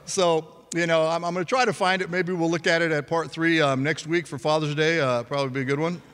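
A man's voice: on the high side, flat delivery, quick pace, hardly any pauses, a bit bright, long reverb tail, slight background noise. A male pastor preaching a sermon, telling a story in a chatty way with frequent laughs and restarts.

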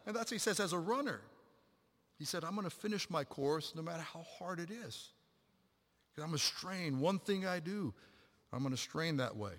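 A middle-aged male pastor delivers a lively sermon, his voice sitting a little high for a man. He acts out quotes and swings from loud bursts to hushed asides. The sound carries a long reverb, as in a large church hall. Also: moderate pace. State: a little out of breath.

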